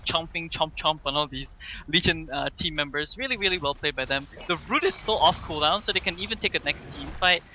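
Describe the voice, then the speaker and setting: A man's voice: a little high, a little fast, pushed and bright, slight background noise, low-quality recording. A man giving casual, rambling esports color commentary full of fillers and laughs.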